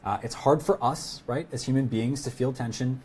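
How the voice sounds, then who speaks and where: A man's voice: mid-range voice, normal speed, a little mellow, breathy edge. A man explaining sales negotiation in a casual webinar, chatty and full of fillers and restarts. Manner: conversational, many fillers and restarts. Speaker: sales expert guest.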